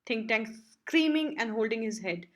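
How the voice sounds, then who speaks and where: A woman reading the stage directions of a play as an audiobook narrator, clear and even. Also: on the high side, normal speed, muffled recording.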